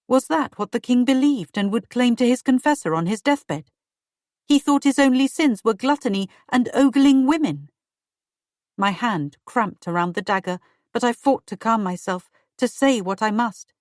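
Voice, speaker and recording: A woman reading a first-person audiobook in slow, measured storytelling narration. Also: on the high side, darkish tone, no room sound, clean studio sound.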